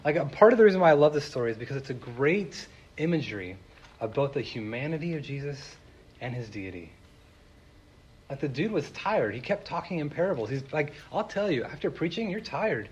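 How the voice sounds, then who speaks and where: A man's voice: medium pitch, animated, fairly quick, highs cut off, a little hiss or hum. A man preaching a sermon, retelling a story in a casual, chatty way with many fillers. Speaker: pastor.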